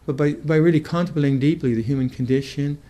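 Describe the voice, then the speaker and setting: An older Buddhist meditation teacher gives a reflective dharma talk, thoughtful and halting, frequently restarting his sentences. His voice is fairly high-pitched with a warm tone.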